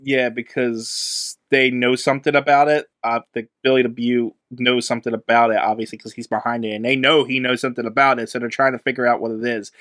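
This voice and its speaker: Podcast guy with a bright lively voice, dry close mic, argues his take on the plot. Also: medium pitch, fairly quick, few pauses, no room sound. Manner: argumentative, explains plot points patiently. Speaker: podcast co-host. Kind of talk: casual movie review chat.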